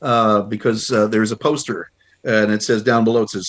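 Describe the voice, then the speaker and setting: This man from the United States, in his sixties, has a lowish voice and speaks at a moderate pace. He's a guest film historian sharing anecdotes in relaxed conversation, an animated storyteller who acts out the quotes he tells.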